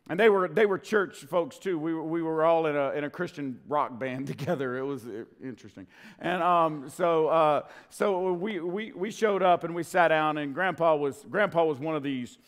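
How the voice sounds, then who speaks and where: A middle-aged man preaching a sermon as pastor, swinging between hushed whispers and loud, impassioned bursts. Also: a little high, normal speed, few pauses. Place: church sanctuary. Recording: long hall reverb.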